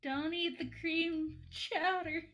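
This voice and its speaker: A woman playing in a tabletop game, reacting in an excitable way with gasps. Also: very high-pitched, takes it slowly. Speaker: player.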